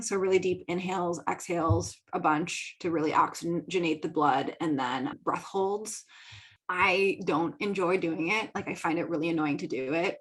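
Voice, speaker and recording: A chatty young woman from the Midwest talks through her own solo podcast. Her voice sits a little low for a woman. She laughs easily and fills her sentences with "like". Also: a bit bright. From American Midwest. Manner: chatty, laughs often, says "like" a lot. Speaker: podcast host and business coach. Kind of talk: casual solo talk.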